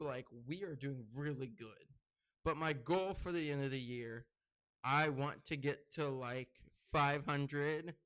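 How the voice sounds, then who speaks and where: A man's voice: medium pitch, a bit bright. Rambling young man venting to camera. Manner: rambling and heated, heavy use of "like". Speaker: content creator. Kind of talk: casual vlog rant to camera.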